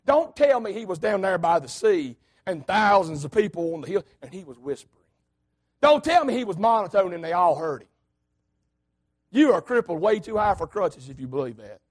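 Male preacher, very high raspy voice, fiery emphatic sermon. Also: sing-song, moderate pace. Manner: emphatic preaching, swings between hollering and low asides.

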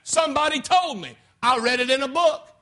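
A man's voice: extremely high pitch, brisk, a bit bright. A man preaching a fervent sermon and speaking directly to his congregation.

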